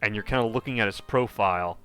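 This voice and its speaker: Running a horror tabletop game as game master, a man narrates haltingly, packing in fillers and often sinking to a hush. His voice sits on the low side with a clean tone, and faint music plays behind him.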